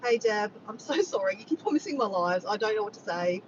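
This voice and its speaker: A woman's voice: lively intonation, fast. A woman with an Australian accent chatting casually on a livestream, rambling and reading out comments from her viewers. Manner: rambling, reads out the chat and greets viewers by name. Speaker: vlogger hosting a livestream. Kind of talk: casual live chat with viewers. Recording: dull distant mic with vehicle rumble.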